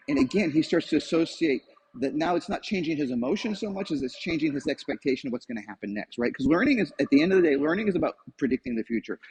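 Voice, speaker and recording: A man explains dog training in a loose, conversational teaching style. He is animated and slips into short voiced asides for what the dog thinks. The recording is slightly distorted, with a faint noise under the voice. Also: a little high. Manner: animated, acts out the dog's thoughts in quick voiced asides. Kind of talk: casual spoken teaching.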